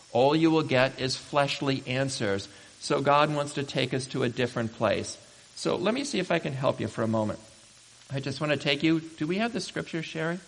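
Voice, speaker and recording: A man preaching a sermon as pastor, emphatic and building to loud exhortation. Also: medium pitch. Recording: reverberant hall.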